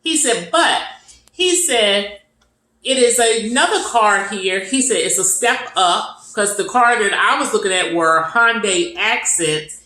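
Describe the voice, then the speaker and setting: A woman's voice: mid-range voice, expressive, a little slow, pushed and bright, roomy sound, rough recording. A woman casually telling a personal faith testimony, acting out the conversations she had. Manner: retells conversations in quoted voices, repetitive and earnest. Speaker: storyteller sharing a testimony.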